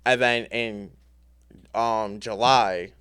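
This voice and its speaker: A man's voice: on the low side, fairly even intonation, drawn-out words, fairly bright tone, smooth. A man telling stories as a podcast guest, laid-back and slangy in casual chat.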